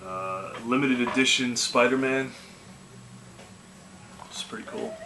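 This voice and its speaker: A man speaks slowly in a medium pitch, telling laid-back, rambling yard-sale stories as a video game collecting vlogger. He says "you know" and "man" constantly in this casual storytelling. Background noise is present, and the room is echoey with faint music.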